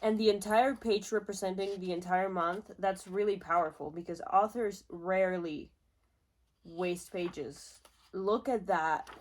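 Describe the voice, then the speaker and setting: A young woman vlogging her reactions to a book, emotional and swearing freely, moving between loud outbursts and low muttering. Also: fairly even intonation, a little slow. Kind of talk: casual reading vlog reaction.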